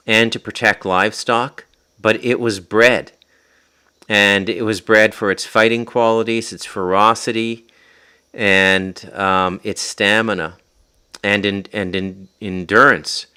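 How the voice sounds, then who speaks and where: A man's voice: on the low side, sharp tone, clear, resonant tone. A man with an Ottawa Valley Canadian accent hosting a podcast, rambling off on tangents, restarting sentences and speculating aloud. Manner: rambling, self-interrupting, prone to tangents. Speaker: podcast host. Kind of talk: rambling casual livestream talk. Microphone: podcast mic.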